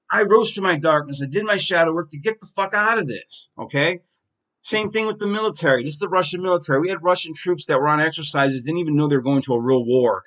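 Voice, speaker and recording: A man's voice: a little high, a bit bright. A man hosting his own podcast, delivering a heated, profane solo monologue with strong emphasis. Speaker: podcast host.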